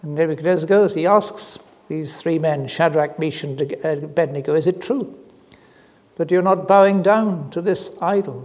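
A man preaching an evening sermon in a voice set a little high. He talks earnestly, lifting his pitch and volume on key phrases with frequent short pauses. A long reverb trails his words around a church hall. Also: darkish tone.

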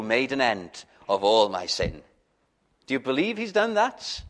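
A man's voice: mid-range voice, huge pitch swings, a little slow, a bit bright. A man preaching an evangelical sermon, pleading with his listeners in questions, stumbling on first words and building to fervent peaks. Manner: stammers on openings.

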